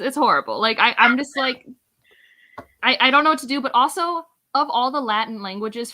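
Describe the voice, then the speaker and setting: Bright-voiced woman in wry chat. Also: fairly high pitch. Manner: wry, laughs often, quick asides. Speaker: book club host. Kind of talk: casual chat.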